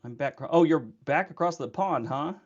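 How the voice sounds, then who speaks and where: A man chatting casually on his livestream, rambling and quick to laugh. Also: fairly high pitch, animated, husky, highs cut off. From California. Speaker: livestream host.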